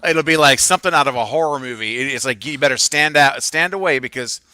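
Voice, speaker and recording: Bright-voiced musing man. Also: mid-range voice, fast, clean tone, no echo. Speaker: co-host of a live horror talk stream. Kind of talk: casual live-stream chat.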